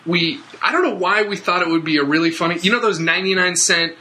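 A man's voice: sits high, quick pace. A young man telling a profane childhood story on a casual comedy podcast. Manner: animated storyteller, swears a lot, shouts in reenactments. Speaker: podcast co-host.

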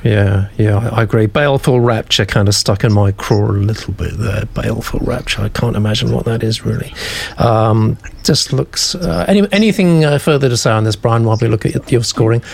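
A man hosting a casual panel discussion, chatty and animated, reading out comments and putting questions to guests. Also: lowish voice, fairly quick, creaky. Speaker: host.

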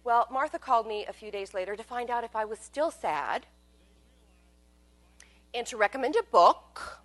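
A woman telling a personal story as a monologue, wry and candid, swinging between loud bursts and hushed asides. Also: a little high, lively intonation, moderate pace.

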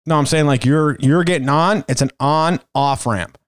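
A man hosting a podcast, telling a rambling, profane story in casual chat with animated quoted asides. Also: on the high side, normal speed, a little hiss or hum. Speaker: podcast host.

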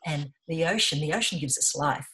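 A woman's voice: low-pitched, brisk, a bit bright. A middle-aged woman speaking as an interview guest, telling her story in an earnest, passionate way. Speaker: interview guest, environmental volunteer. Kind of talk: conversational interview.

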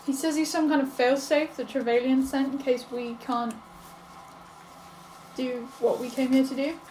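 A high-pitched woman playing her character in a tabletop game. She talks bluntly and expressively and challenges the others, with faint room ambience behind her. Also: fairly even intonation, normal speed, warm tone, slight background noise, rough recording. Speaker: player.

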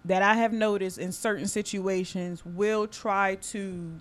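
A woman hosting a podcast, talking in casual chat, blunt and profane, telling animated stories. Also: mid-range voice, a little slow. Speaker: podcast host.

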